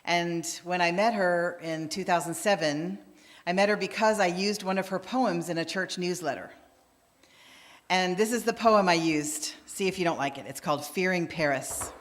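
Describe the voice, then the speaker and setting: A woman's voice: on the low side, normal speed. A woman minister giving a sermon in a conversational storytelling manner, acting out the voices of people she quotes. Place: church sanctuary. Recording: long reverb of a church hall.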